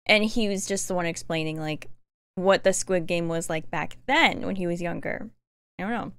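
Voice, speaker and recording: A woman in her twenties, chatty and excitable, giving casual reaction commentary. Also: fairly low pitch, smooth, no echo. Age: 20s. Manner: chatty, excitable, quick to laugh. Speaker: reaction streamer.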